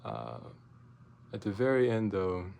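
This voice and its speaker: A young man telling a rambling, profane story in a casual vlog, full of fillers and restarts, getting loud and animated as he retells his outburst. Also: lowish voice, measured pace, vocal fry, slight background noise. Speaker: vlogger.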